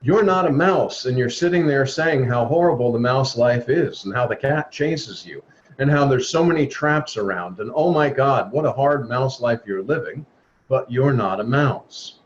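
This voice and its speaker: A man's voice: medium pitch, lively intonation, moderate pace. Man giving an earnest spiritual talk. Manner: earnest, exhorting, acts out quoted voices. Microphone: video call. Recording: dull lo-fi video call audio with faint noise.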